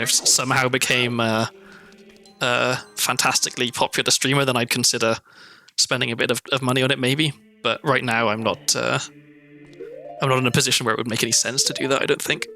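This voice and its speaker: A man's voice: medium pitch, sharp tone. A young man from South Wales with a mild Welsh accent, chatting in a meandering, self-deprecating way while streaming a game. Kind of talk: casual gameplay commentary.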